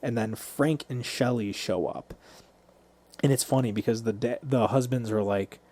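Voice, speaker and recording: A man's voice: mid-range voice, normal speed, mellow. A man co-hosting a podcast, recapping a movie scene by scene in a loose, profane, storytelling way. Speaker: podcast co-host.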